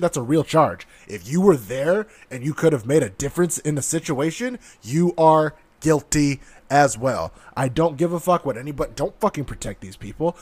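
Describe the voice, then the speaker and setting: A man's voice: a little high, dry recording. A man giving heated, profane ranting commentary in an aggressive, sarcastic manner. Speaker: online commentator.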